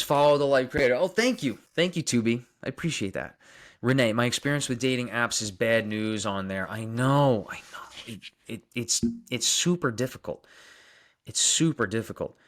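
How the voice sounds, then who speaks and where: A man's voice: medium pitch, fairly bright tone. A young man with a Long Island accent hosts a live stream, reading out viewer comments and answering them casually. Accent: Long Island New York. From Long Island, New York. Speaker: dentist livestream host.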